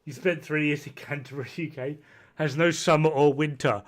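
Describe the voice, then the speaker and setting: A man's voice: fairly high pitch, fairly even intonation, normal speed. A man chatting on a stream, rowdy and swearing with self-mocking banter, tipsy from whiskey at home. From United Kingdom. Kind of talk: casual stream chat. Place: home room, camera off.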